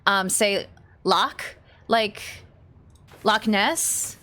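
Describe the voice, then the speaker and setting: A woman's voice: mid-range voice, drawn-out words, pushed and bright. An American woman chatting casually and giggling while streaming a game, with lots of "like" fillers. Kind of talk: casual live-stream chat.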